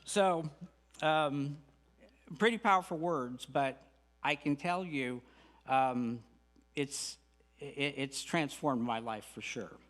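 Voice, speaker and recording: A man's voice: medium pitch, slow pace, long pauses, a bit bright. A middle-aged man gives an earnest, folksy spiritual lecture with humorous asides as a guest speaker at a spiritual center.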